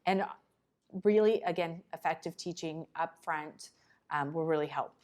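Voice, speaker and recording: Lively woman presenting at a conference. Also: sits low. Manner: lively, conversational, acts out the child and parent in quick asides. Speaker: conference presenter on child behavior. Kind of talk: conference talk to parents. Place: conference room.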